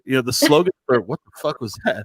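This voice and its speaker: A man's voice: medium pitch, fast, husky, no room sound. A man hosting a casual chat show over a video call, telling stories and swearing freely. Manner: animated storyteller, swears freely, acts out quotes. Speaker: podcast host.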